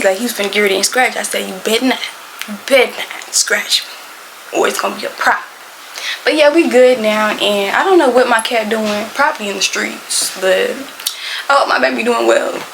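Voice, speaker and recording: A woman telling a casual storytime, animated and dramatic, sometimes whispering. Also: medium pitch, slight background noise. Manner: animated, talks to the cat in quoted asides, drops to whispers. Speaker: storyteller vlogger.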